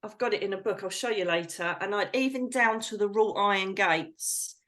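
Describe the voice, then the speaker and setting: Middle-aged English woman guest, storyteller, lively delivery, acts out her own quotes. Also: mid-range voice, moderate pace. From England. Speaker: psychic medium guest. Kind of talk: storytelling in an interview.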